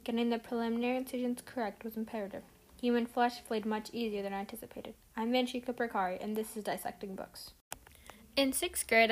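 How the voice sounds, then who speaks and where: A woman's voice: fairly high pitch, rough recording. A teenage girl hosting a book review podcast, talking in a chatty, earnest way. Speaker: podcast host.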